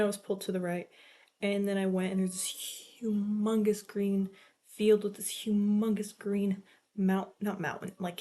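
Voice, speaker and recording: A late-teen girl vlogs in a casual chat, her medium-pitched voice a little mellow. She rambles, swears, and leans heavily on "like" as filler.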